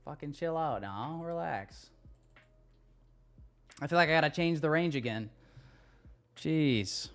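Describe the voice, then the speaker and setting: A man's voice: on the high side, animated, slow, pauses often, fairly bright tone. A man hosting a live trading stream, chatting casually with viewers, loose and hyped, swearing now and then.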